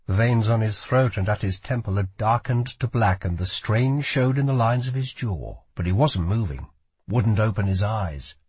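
A man narrating a fantasy audiobook in a measured, dramatic reading. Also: on the low side, expressive, a little mellow, breathy edge, dry recording.

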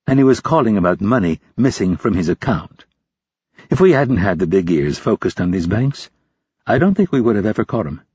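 A male narrator voices a composed young female intelligence officer, speaking coolly and precisely with a low, husky tone. The delivery is cool, probing, and businesslike, with lively intonation, a slightly fast pace, and a darkish tone. The recording sounds dull and dry, with no echo.

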